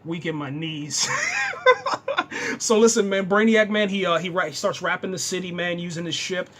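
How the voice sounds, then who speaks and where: A man giving a casual, excitable, unscripted TV review, dropping "man" into nearly every sentence. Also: high voice, normal speed. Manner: excitable, says "man" constantly. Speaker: TV show reviewer.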